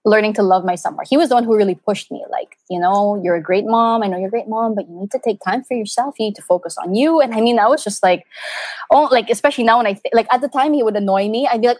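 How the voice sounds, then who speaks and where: Earnest, animated mother on a dry mic. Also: a little high, fast talker, dry recording. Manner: earnest, animated storytelling with many fillers. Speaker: interview guest. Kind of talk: casual conversational interview.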